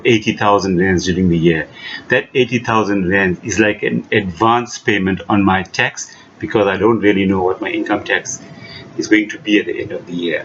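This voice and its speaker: A man's voice: lowish voice, a bit bright. A man from South Africa teaching an accounting lesson, patient and emphatic, repeating key points with frequent restarts. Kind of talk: classroom lesson explanation. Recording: dull lo-fi recording with faint noise.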